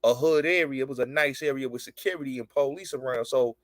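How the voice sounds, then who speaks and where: A man's voice: mid-range voice, fast, dry recording. A man hosting a casual online show, chatting over a call, agreeing often and repeating himself. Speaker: show host. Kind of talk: casual video-call chat.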